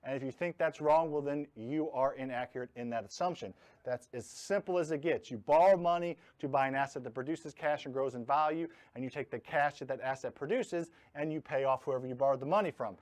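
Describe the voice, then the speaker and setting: A man's voice: mid-range voice, fairly quick, hardly any pauses, darkish tone. A man hosting a live online investing class, talking bluntly and jokingly and leaning hard on his key words. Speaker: host teaching real estate investing. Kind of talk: live online training talk.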